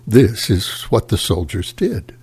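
A man reading scripture aloud in a slow, measured and solemn liturgical manner. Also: fairly low pitch, big pitch swings, darkish tone, breathy edge. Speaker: scripture reader.

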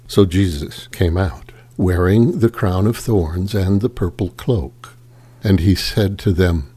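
A man reading scripture aloud in a slow, measured and solemn liturgical manner. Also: fairly low pitch, darkish tone, breathy edge. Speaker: scripture reader.

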